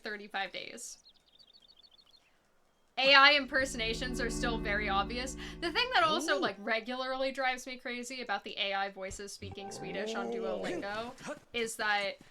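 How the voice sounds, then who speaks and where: A young woman chatting casually while streaming a game, talking in a rambling way full of fillers. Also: on the high side. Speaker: speedrunner streaming. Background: game music.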